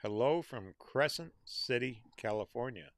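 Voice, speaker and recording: A man's voice: mid-range voice, lively intonation, a little slow, dry recording, clean studio sound. A middle-aged American man hosting a casual livestream, reading out viewer names and comments in an easygoing, folksy way. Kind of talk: casual live chat.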